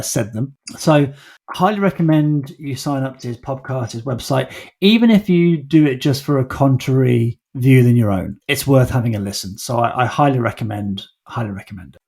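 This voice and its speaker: A man's voice: mid-range voice, mellow, breathy edge. A man hosting a solo podcast, talking casually with wry, self-deprecating asides. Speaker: podcast host.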